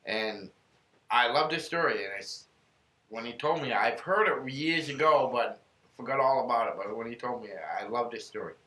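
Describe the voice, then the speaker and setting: Man, podcast host, earnest rambling storyteller, bright voice, echoey room. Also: medium pitch, normal speed. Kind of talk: casual faith podcast talk, storytelling. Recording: roomy room echo.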